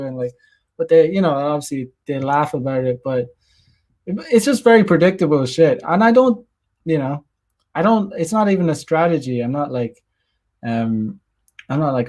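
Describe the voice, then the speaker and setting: A man's voice: a little high, lively intonation, moderate pace, a little mellow. A young man hosting a casual livestream, rambling crudely with many fillers and frequent laughs while reading chat messages. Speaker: streamer host reading chat.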